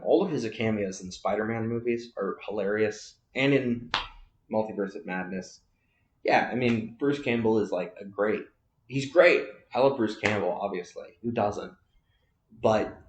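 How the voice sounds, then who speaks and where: Rambling low-voiced man in an echoey room. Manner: rambling, hesitant, many fillers and restarts. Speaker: podcast host. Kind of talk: casual movie chat.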